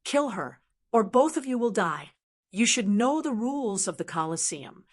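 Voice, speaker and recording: A woman's voice: on the high side, big pitch swings, moderate pace. A woman voicing a cruel, mocking male demon who taunts and coldly commands in an audiobook.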